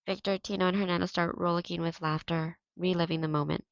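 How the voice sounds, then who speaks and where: A woman teacher reading a novel aloud in steady first-person narration. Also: fairly low pitch, quick pace, no echo, muffled recording.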